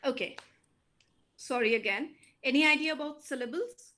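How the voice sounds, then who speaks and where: A woman with an Indian English accent lecturing students online, explaining slowly with frequent fillers. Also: sits high, pushed and bright.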